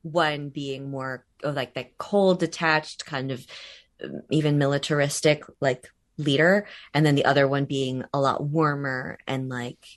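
A woman with a low-pitched voice talks about her work as an interview guest. She rambles, restarts her sentences and scatters fillers as she talks. She laughs easily along the way. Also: fairly even intonation, measured pace. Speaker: voice actor guest. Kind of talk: casual interview chat.

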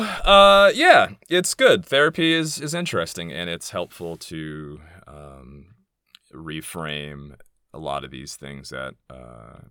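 Blunt, low-voiced man in his thirties. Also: pushed and bright, dry recording, clean studio sound. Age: 30s. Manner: candid, blunt, swears freely, rambling asides. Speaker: podcast host. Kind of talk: casual monologue.

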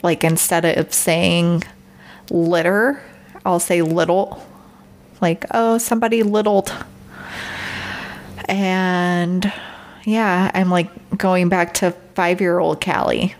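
A woman's voice: on the low side, level tone, takes it slowly, a little hiss or hum. A woman co-hosting a chat podcast, easygoing and self-deprecating. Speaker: podcast co-host. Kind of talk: casual chat.

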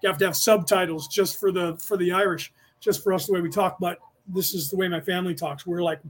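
Fast-talking middle-aged man from the Bay Area. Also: sits high, steady tone. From San Francisco Bay Area. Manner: rapid, rambling, restless delivery. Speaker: podcast host teaching a class. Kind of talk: casual spiritual lecture.

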